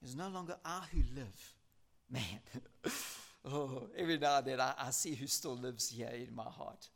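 A man preaching a sermon, earnest and emphatic, building points through repetition and reading scripture aloud slowly. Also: mid-range voice, creaky, a bit bright.

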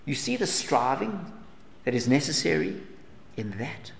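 A man preaching a sermon earnestly, asking rhetorical questions and dropping to soft asides. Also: fairly high pitch, sing-song, unhurried, creaky, long reverb tail. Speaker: pastor.

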